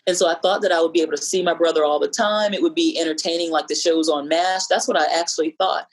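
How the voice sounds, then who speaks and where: A middle-aged woman telling an emotional personal story on a podcast, reflective and measured, with many pauses and fillers. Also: deep voice, steady tone, rough recording.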